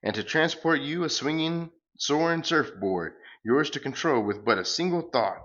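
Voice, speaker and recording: A man voicing a pompous cosmic salesman giant who makes grandiose, drawn-out proclamations while reading a parody comic aloud. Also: fairly high pitch, lively intonation, fairly bright tone, highs cut off, voice pushed up.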